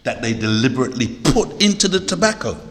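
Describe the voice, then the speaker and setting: Fast and very animated, a man with a mid-range voice preaches to a congregation, exhorting with emphasis and repeating key words to drive them home. He comes across as a preacher or lecturer, recorded in a large echoey hall with long reverb.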